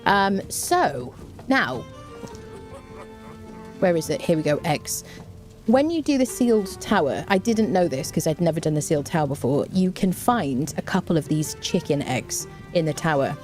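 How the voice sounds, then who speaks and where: Low, mellow woman chatting over gameplay. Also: normal speed, faint music behind. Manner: chatty and relaxed, many fillers and restarts. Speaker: game streamer. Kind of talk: live gameplay commentary, reading chat.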